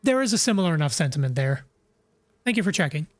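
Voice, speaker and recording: A man's voice: fairly high pitch, sing-song, fast, no room sound. A man streaming a game, reading the story aloud and joking with playful, wry asides.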